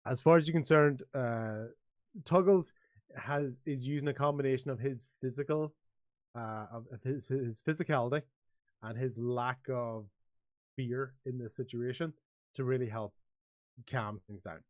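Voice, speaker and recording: A man running a tabletop game as dungeon master, halting and thoughtful, with many restarts. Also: medium pitch, darkish tone, no echo, dull audio.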